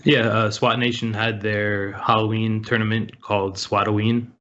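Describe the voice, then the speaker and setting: A man reads out tournament placings and upcoming events in a plain, matter-of-fact manner. His voice sits a little low, and the call audio is dull and lo-fi. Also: little pitch movement, moderate pace, fairly bright tone. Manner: matter-of-fact, listing names and results. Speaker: news segment co-host. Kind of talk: reading esports results casually.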